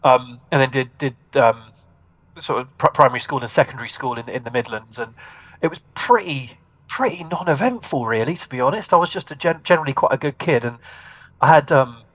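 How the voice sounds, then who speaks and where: A man's voice: medium pitch, brisk, fairly bright tone, dry recording. Laid-back Norwegian-born man on a dull call. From Norway. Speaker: band bassist, guest. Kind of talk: casual interview chat.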